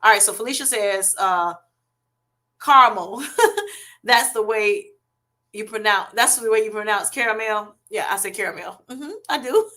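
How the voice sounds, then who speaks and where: A woman hosts a relaxed livestream and reads out her viewers' comments. Her voice is bright and a little high. She talks in a chatty way, full of fillers and small restarts. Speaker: livestream host reading chat. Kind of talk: casual livestream chat.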